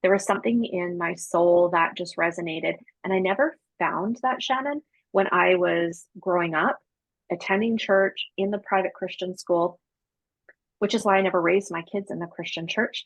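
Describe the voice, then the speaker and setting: A woman with a husky, fry-laden voice tells her story to an interviewer in a loose, slangy way, acting out what people said. The sound is dry and close, with no room around it. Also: lowish voice, moderate pace, dry recording, poor audio. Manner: animated, chatty, slangy, acts out dialogue. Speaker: podcast guest, psychic medium.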